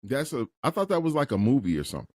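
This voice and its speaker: Animated, foul-mouthed man on a podcast. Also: medium pitch, very fast, no room sound, studio quality. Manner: loud, animated, swears freely. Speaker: podcast co-host. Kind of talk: casual movie review chat.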